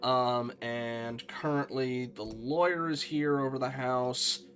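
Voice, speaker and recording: A man's voice: mid-range voice, steady tone, slow pace, fairly bright tone. Chatty man streaming a game. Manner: chatty, self-deprecating asides. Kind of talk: casual gameplay commentary.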